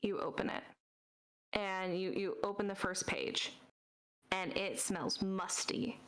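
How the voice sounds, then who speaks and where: Lady dm narrating a tabletop game, middle pitch, chatty and loose. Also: steady tone, slow pace, a bit bright, poor audio. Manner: casual, loose with many fillers. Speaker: game master.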